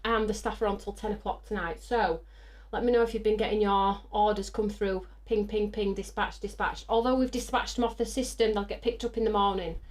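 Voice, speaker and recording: A woman's voice: medium pitch, steady tone, a little fast, few pauses, darkish tone. A woman hosting a live crafting stream, chatty and bubbly, talking straight to her viewers while catching her breath. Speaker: host of a live crafting show. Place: craft studio.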